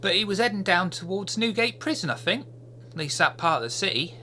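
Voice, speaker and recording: A man voicing a young street boy who talks eagerly in rough, chatty street grammar. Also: high voice, expressive, a little fast, pushed and bright, slight background noise, pitched above the performer's own voice.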